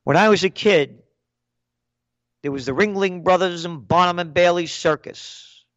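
A man's voice: high-pitched, unhurried, no room sound. An older man giving an angry, sarcastic political rant as a commentator, punchy and blunt, in a dull, dry recording.

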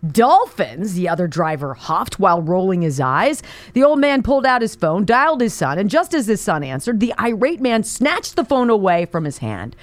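A woman's voice: medium pitch, big pitch swings, normal speed, dry recording. A woman radio host reading listener jokes cold on air, laughing often and stumbling over the lines. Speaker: radio talk show host.

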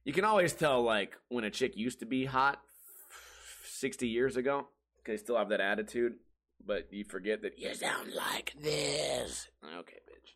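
A man's voice: mid-range voice, normal speed. A young man hosting a comedy podcast, telling profane stories in a casual way and acting out the people in them. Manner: profane, animated, acts out quoted voices. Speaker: podcast host.

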